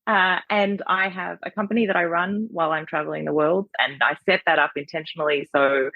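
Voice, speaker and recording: A woman's voice: deep voice, fairly even intonation, fairly quick, no echo. An Australian woman who is an entrepreneur, a guest in an upbeat interview who laughs often. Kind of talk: casual interview. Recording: gravelly voice over tinny phone-like line.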